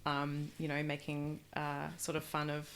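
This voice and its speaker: A woman's voice: low voice, monotone, unhurried, fairly bright tone. A young Australian woman, a comedian guest on a podcast, chatting casually and animatedly, full of "like" and acting out her own quotes. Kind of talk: casual chat.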